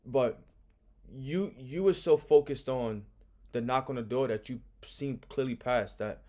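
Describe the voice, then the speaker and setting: Casting note: mid-pitched man, laid-back host, frank casual commentary. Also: darkish tone. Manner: laid-back, frank, repeats "you know what I'm saying". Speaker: host reacting to a clip.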